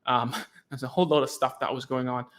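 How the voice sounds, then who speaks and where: A man's voice: mid-range voice, level tone, fairly quick, fairly bright tone. A young man, a podcast host and former behavioural therapist, chatting casually and filling his talk with "like" as he explains. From Hong Kong. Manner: chatty, heavy use of "like", acts out sounds and reactions.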